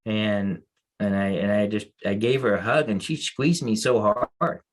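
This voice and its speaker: Taking his time, an American man with a voice on the low side shares a story on a veterans' podcast where he co-hosts and advocates for mental health. He wanders casually, restarts frequently, and is clearly moved.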